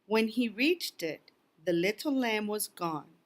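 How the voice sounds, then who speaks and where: A woman, a guest reader, reading a children's picture book aloud with expressive storytelling. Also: medium pitch, slow.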